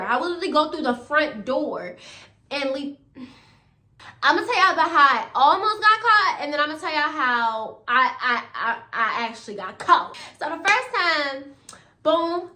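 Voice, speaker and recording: High bright chatty young woman, roomy sound. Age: young adult. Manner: chatty, animated, slangy, laughs often. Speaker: storytime YouTuber. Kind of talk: casual storytelling to camera.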